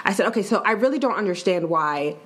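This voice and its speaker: A young woman in casual podcast chat, recounting a workplace story at an unhurried, thoughtful pace. Her pitch sits mid-range for a woman, and she pauses often, filling the gaps with soft ums. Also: animated. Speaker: podcast co-host.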